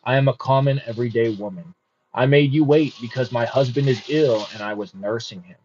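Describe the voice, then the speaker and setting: A man reading a calm, wise housewife. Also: mid-range voice, a little fast, slight background noise, natural voice. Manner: plain, calm and firm. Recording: muffled with faint music.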